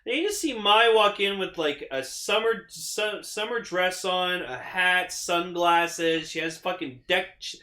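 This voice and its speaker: An excitable young man chatting casually on a podcast, his voice bright and forceful and a little high. He swears freely and jumps into the characters' lines as he recaps. The room around him has a noticeable echo. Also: measured pace, hardly any pauses. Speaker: podcast co-host. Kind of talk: casual chat recapping an episode.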